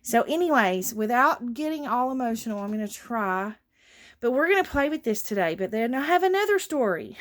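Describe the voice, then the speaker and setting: A woman's voice: fairly high pitch, animated, a little fast. A woman chatting casually and emotionally to her viewers as a craft channel host, with lots of fillers. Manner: emotional, gushing, warm thanks with many fillers.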